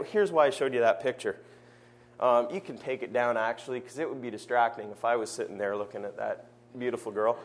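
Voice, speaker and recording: A man preaching a sermon in a church service, earnest, slowing down to stress his key phrases. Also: medium pitch.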